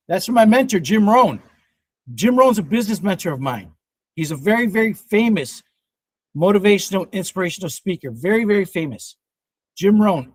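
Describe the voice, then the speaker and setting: A man in his fifties chats on a casual livestream in a fairly high voice, excitable and quick to laugh. He swears freely as he answers the chat, and the sound is close and dry. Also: dry recording. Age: 50s. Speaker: livestream host reading chat.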